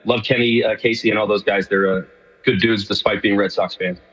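Fast-talking husky man from New York. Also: on the low side, fairly even intonation, a bit bright. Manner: rambling, many fillers and restarts. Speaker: guest, show co-host. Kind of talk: casual radio interview. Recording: distant remote line with long reverb, dull.

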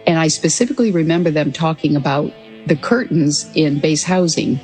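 A woman's voice: low voice, animated, moderate pace, a little mellow, big-room sound, soft background music, poor audio. A woman in her sixties, a former military pilot, telling her story as an interview guest in an earnest, reflective way. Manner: earnest and reflective, with frequent restarts and light laughs. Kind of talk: conversational storytelling.

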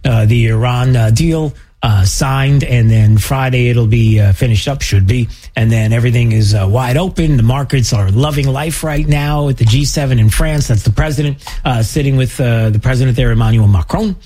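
A man's voice: medium pitch, normal speed, few pauses, mellow, breathy edge. A male radio talk show host, chatting casually and sarcastically with many fillers.

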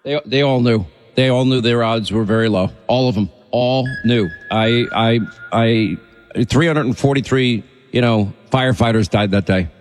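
A male talk radio host speaks with urgency and emphasis, pressing his points at a mid pitch. A long reverb tail hangs on his voice. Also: normal speed, faint music behind.

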